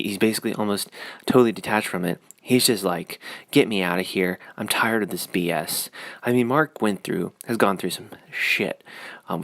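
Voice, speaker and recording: A man's voice: fairly low pitch, creaky, a bit bright, no room sound. A man rambling through a casual opinion vlog, full of fillers and sarcastic asides. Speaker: YouTube commentator.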